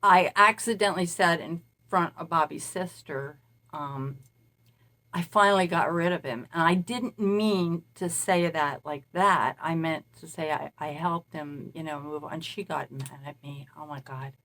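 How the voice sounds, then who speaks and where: A woman's voice: deep voice, unhurried, pushed and bright. A woman who calls herself a spirit medium, talking casually in a meandering monologue and recounting events at length. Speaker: self-described spirit medium.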